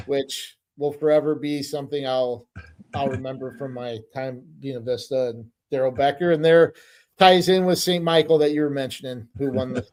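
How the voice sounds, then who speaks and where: A man's voice: a little high, darkish tone. A middle-aged man co-hosting a podcast, telling stories in a rambling, hesitant casual chat. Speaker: podcast co-host.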